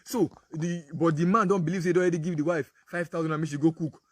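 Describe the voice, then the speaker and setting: A man's voice: fairly high pitch, steady tone, fast, no room sound. A man with a Nigerian accent, telling a story in a casual Pidgin sermon talk and acting out the dialogue. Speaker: apostle speaking on parenting.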